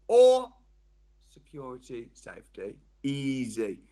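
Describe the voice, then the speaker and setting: A man, giving a motivational seminar talk as a training speaker, telling stories with sudden loud jumps and quiet drops. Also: fairly high pitch, lively intonation, normal speed, long pauses.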